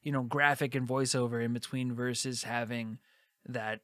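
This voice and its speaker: A man's voice: medium pitch, steady tone, moderate pace, a bit bright, dry recording, studio quality. A man co-hosting a gaming podcast, giving wry, opinionated takes in casual chat. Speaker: podcast co-host.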